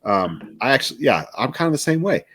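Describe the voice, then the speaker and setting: A man co-hosting a casual soda review, chatty and quick to laugh, rambling through his explanations. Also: medium pitch, sing-song, fairly bright tone, breathy edge. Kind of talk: casual chat.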